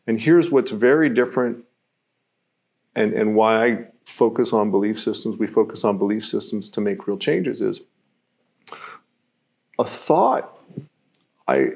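A man's voice: on the low side, creaky, a little mellow. A man giving a live-streamed self-mastery teaching talk, reflective and explaining through everyday examples, with many fillers.

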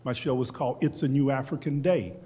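Brisk and mellow, the mid-range voice of a man in his sixties from Beaumont, Texas, US, relates personal stories on a history panel. He's conversational and reflective, frequently restarting sentences, with long hall reverb in the recording.

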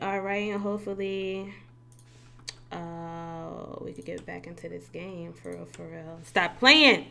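A woman's voice: mid-range voice, creaky, a bit bright. Woman streaming a game on a desk mic, chatty and cussing, laughs a lot. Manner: chatty, swears freely, laughs often. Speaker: gaming streamer. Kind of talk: casual live-stream chat. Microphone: desk mic with facecam.

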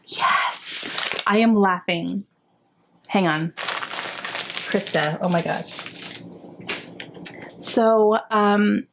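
A young woman chats eagerly through a gift unboxing for her book channel. Her voice sits a little low. A faint hiss runs under the recording. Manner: excited and chatty, gasping and laughing often. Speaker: book vlogger. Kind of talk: casual unboxing chat.

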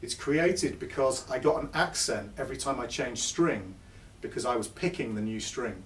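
A man's voice: mid-range voice, expressive, normal speed, slight background noise. A man giving a chatty, self-deprecating live guitar lesson to an audience in a music store. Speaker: guitar clinician. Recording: echoey shop recorded from far off, with guitar. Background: guitar playing between phrases.

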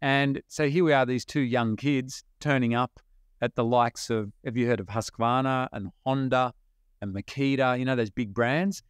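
A middle-aged Australian man speaks as a podcast guest, telling stories of his early business days with animated energy and quick bursts of laughter. His voice sits at an ordinary middle pitch, and the recording is dry and close, with no room sound. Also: clear, resonant tone, no echo. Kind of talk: storytelling interview talk.

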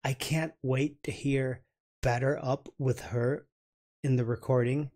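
A man hosting a reaction video, gushing and halting as he comments, often repeating his words. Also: mid-range voice, steady tone, a little mellow.

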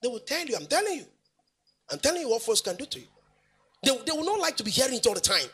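A man's voice: very high voice, big pitch swings, rapid-fire, a bit bright, breathy edge. A male pastor, preaching emphatically in a sing-song way, repeating phrases and asking the congregation questions. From Nigeria. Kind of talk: preaching sermon.

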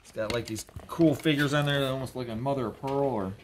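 A man works as an auctioneer and talks his way through boxes in a casual, joking manner, breaking into excited exclamations. His voice sits at an ordinary mid pitch. Crinkling paper and clicks sound clearly behind him. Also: quick pace. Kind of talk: casual unboxing commentary. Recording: noisy background with crinkling.

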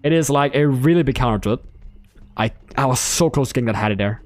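A young man talks fast in a medium-pitched voice while casually commentating his own gameplay live. He's excitable, laughing and cursing as he addresses the players on screen.

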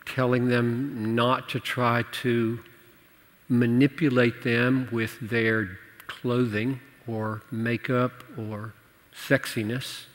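Animated preacher man in a church hall. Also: medium pitch. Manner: animated and playful, laughing at his own jokes. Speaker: pastor. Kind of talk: church teaching session answering questions.

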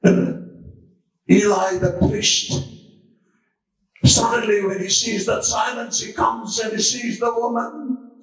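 High-voiced male preacher, slow dramatic telling, far off in a very echoey church. Hushed one moment, shouting the next. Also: flat delivery. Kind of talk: dramatic storytelling sermon. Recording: very echoey room, far from mic.

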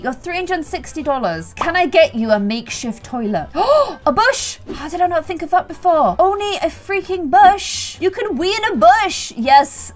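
A young woman hosting a gaming video, giving playful commentary, gasping often and talking to the characters. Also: high-pitched. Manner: animated, gasps often, talks to the characters.

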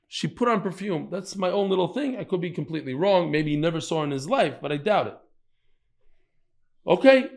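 Animated man teaching Talmud. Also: on the high side. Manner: lively storytelling, acting out quotes, mixing Hebrew and Yiddish terms. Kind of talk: daily Talmud class.

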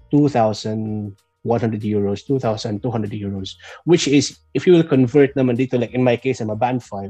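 Filipino guy nurse chatting, mellow dry voice, lots of ums and restarts, soft music behind. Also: mid-range voice, breathy edge, no room sound. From Philippines. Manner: chatty, mixes in Tagalog, frequent fillers and restarts. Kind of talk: casual interview talk.

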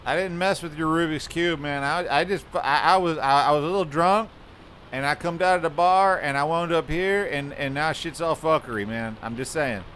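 A man's voice: on the high side, normal speed, fairly bright tone, slight background noise, poor audio. A man streaming a horror game, joking crudely and reading the game's notes aloud. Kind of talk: live gameplay commentary. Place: home streaming setup.

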